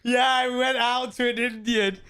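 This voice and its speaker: Male game streamer: high, bright voice, chatty and rambling with viewers. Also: level tone, a little slow, clear, resonant tone. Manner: rambling, laughing storyteller talking to chat. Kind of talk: casual live-stream chat.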